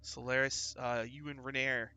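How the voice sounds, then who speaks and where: Gravelly guy running a tabletop game, umms a lot, bright tone. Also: medium pitch, level tone. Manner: loose, halting narration with many fillers. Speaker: game master.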